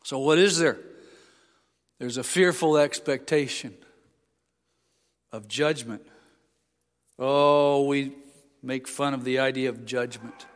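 A man preaching a sermon, impassioned, building to emphatic peaks and dropping low. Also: slow, pauses often. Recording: long reverb of a large hall.

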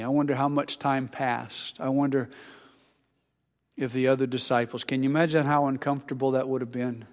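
A man's voice: medium pitch, steady tone, brisk. Man, preacher, sermon delivery, mid voice, acts out the voices, long echo of a hall. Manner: storytelling, acts out voices of scripture figures; drops to a quiet hush for intimate lines, rises for emphasis.

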